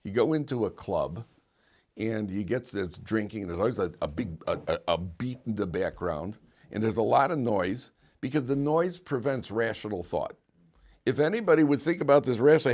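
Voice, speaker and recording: In a yeshiva classroom, a rabbi gives students an informal Torah lesson in a lowish, darkish, animated voice at normal speed. He poses rhetorical questions and often starts phrases over.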